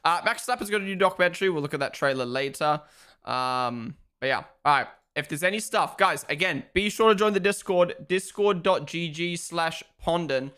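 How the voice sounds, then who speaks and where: A young man talking casually to his live stream audience from a room at home. He is excitable and chatty and swears freely. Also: a little high, normal speed, smooth. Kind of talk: casual live watch-along commentary.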